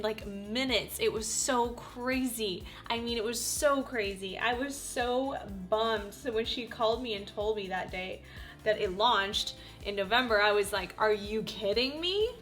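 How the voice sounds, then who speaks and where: A woman in her forties gushing through a casual makeup tutorial, talking straight to her viewers with frequent excited exclamations. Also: mid-range voice. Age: 40s. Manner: gushing, animated, exclaims often. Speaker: beauty vlogger.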